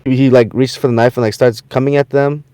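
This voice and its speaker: A man's voice: mid-range voice, fast talker, clear, resonant tone, dry recording, clean studio sound. A young man hosting a casual podcast, telling stories animatedly and acting out the people in them. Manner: animated storyteller, acts out quoted people. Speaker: podcast host. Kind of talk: casual chat.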